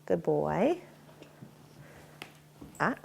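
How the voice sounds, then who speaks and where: A woman dog trainer demonstrating at home, giving short firm commands and quick praise while explaining each step. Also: sits low, very animated, vocal fry, a little mellow, a little hiss or hum. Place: home, indoors.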